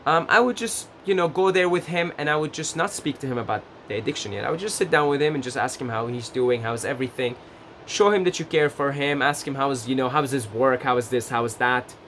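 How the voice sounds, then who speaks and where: A man giving gentle, casual advice straight to the camera, full of fillers and restarts. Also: on the high side, a little hiss or hum. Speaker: advice vlogger.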